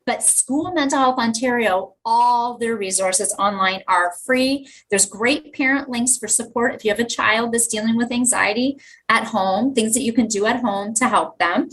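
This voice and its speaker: A woman's voice: a little high, normal speed, a little hiss or hum, low-quality recording. A woman teacher, telling classroom stories with enthusiasm in a podcast interview. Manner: enthusiastic storytelling, lively asides. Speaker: teacher and guest.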